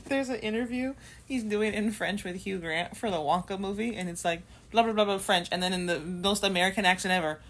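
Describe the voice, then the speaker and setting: A woman co-hosting a podcast in casual chat, telling stories in an animated, giggly way. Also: medium pitch, a little fast. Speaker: podcast co-host.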